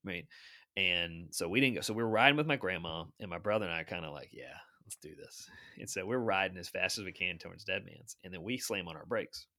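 A man in his fifties, an author guest, telling anecdotes in a chatty, animated way. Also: low-pitched, fast talker. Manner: animated storyteller, chatty asides. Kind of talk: anecdotal storytelling.

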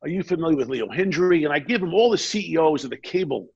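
A man telling a long anecdote in a casual chat, animated and often quoting the people in his story. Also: on the high side, fast talker, vocal fry, husky, dull audio. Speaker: guest.

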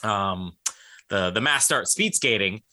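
A man co-hosting a casual video-call chat, animated and laughing as he talks. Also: fairly low pitch, measured pace. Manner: animated, laughs between phrases. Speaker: co-host.

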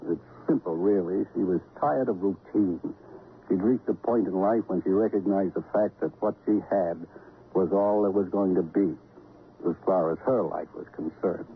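Hesitant lovelorn chiropractor, very deep voice, measured, tinny radio. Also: male voice, slight background noise. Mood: confessional. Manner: halting, confessional, measured. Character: hesitant, lovelorn middle-aged male chiropractor. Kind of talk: 1950s radio drama acting. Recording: tinny old radio broadcast.

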